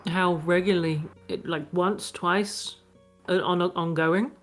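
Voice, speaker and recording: A woman's voice: lowish voice, steady tone, slow, faint music behind. A woman playing a tabletop game, chatting cheerfully and playfully in character. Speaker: player.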